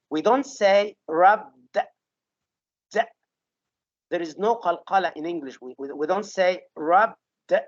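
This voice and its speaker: A woman's voice: on the low side, dry recording. Woman teaching pronunciation over a webinar. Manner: patient, repeats example words slowly, checks in with "okay?". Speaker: English teacher giving a webinar. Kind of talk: online pronunciation lesson. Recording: dull lo-fi webinar audio.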